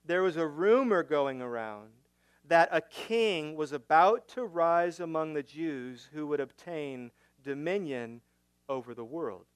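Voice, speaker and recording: A male pastor preaching a sermon, teaching through a passage with rhetorical questions, swinging from emphatic to hushed. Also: a little high, expressive, a little slow, clear, resonant tone, dry recording.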